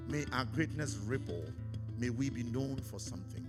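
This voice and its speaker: A man with a Ghanaian accent performing spoken word poetry live, in a rhythmic, declamatory way with dramatic pauses. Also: medium pitch. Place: live event in a hotel hall. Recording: live performance over loud guitar. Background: loud guitar music.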